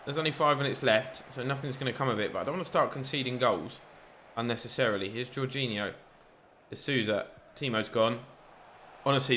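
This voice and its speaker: Excitable gamer commentating football. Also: male voice, mid-range voice, a little hiss or hum. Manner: excitable, chatty, mock-commentator play-by-play. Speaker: gaming YouTuber. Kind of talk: live commentary over a football video game.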